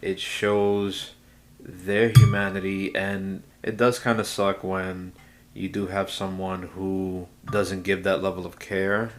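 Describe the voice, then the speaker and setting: A man's voice: deep voice, flat delivery, slow pace. A man hosting a podcast, talking reflectively in casual interview chat and sometimes dropping to a whisper. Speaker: podcast host.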